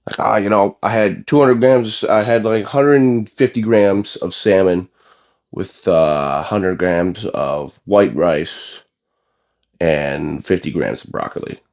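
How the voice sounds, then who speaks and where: A young man with a low voice gives a casual gym vlog rant. He is blunt and profane and wanders through fillers and restarts. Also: takes it slowly, a little mellow. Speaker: bodybuilding vlogger.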